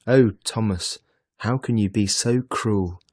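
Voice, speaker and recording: A man's voice: on the low side, takes it slowly, warm tone, no echo, clean studio sound. A man reading a storybook, voicing a fond, protective mother. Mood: pleading.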